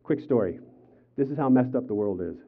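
An older male pastor delivers a sermon, swinging from loud, acted-out quotes to quiet, earnest appeals. The sound is thin and tinny, like a phone line. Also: mid-range voice, brisk. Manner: animated storytelling, acts out quotes with raised voice. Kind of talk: sermon with personal stories.

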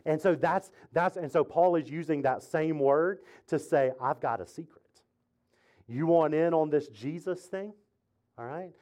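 A man's voice: fairly high pitch, a little slow, a little mellow. A male pastor delivering a conversational sermon, driving points home through repetition and building to fervent exhortation. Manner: conversational preaching, emphatic repetition, rising to exhortation.

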